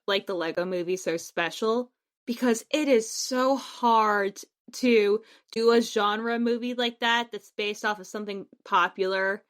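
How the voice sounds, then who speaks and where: A woman co-hosting a casual pop culture podcast, animated and exasperated. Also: a little high, clean tone. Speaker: podcast co-host.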